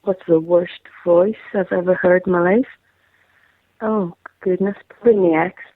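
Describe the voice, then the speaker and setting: A woman's voice: on the low side, fairly even intonation, moderate pace, dry recording. A woman with an Irish accent, calling into a radio show for a casual chat, joking and playing with words. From Ireland. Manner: chatty and joking, fond of wordplay. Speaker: phone-in guest. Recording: tinny phone line.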